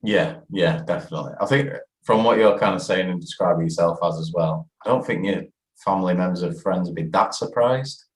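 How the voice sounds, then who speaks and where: A man's voice: deep voice, brisk. A man hosting a casual podcast, laughing easily and posing questions. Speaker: podcast host. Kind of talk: casual chat. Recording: echoey room.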